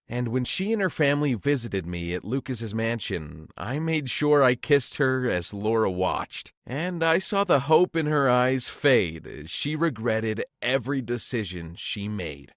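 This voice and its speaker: A man narrating a dramatic first-person story in a lively, expressive way. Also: mid-range voice, no room sound, studio quality.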